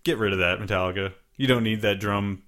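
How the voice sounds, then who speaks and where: A man's voice: fairly low pitch, fairly quick, fairly bright tone. A man co-hosting a podcast in loose, rambling casual chat, swearing now and then. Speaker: podcast co-host.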